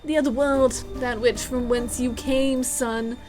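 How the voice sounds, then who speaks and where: Pompous male ghost cop chief, condescending and slow-spoken, voiced by a woman streamer. Video game voice. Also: high voice, fairly even intonation, darkish tone, faint music behind. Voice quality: blustering, condescending, calls people son.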